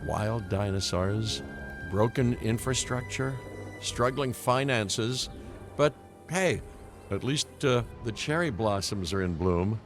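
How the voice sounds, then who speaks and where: An actor playing a sardonic male consultant character in a video game, speaking with dry, drawn-out delivery. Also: fairly low pitch, animated. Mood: wry. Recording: game audio with loud music. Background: game music.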